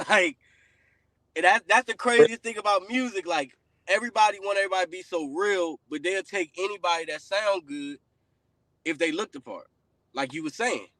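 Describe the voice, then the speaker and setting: A man hosting a casual podcast chat, his voice sitting a little high for a man. He rambles through loose, filler-heavy thoughts and often trails off softly. The sound is dry and close, with no room around it. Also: normal speed, no echo. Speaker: podcast host.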